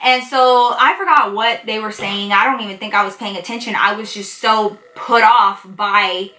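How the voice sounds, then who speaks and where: A woman telling a personal story to her viewers in a casual, animated way, swearing and acting out both sides. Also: medium pitch, normal speed. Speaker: storytime vlogger. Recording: echoey room.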